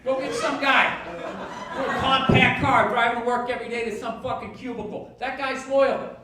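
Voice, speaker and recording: On stage, a male stand-up comedian rants sarcastically and profanely while the audience laughs. His voice is very high-pitched and level, at a moderate pace. The live recording is echoey, distant and loud with noise.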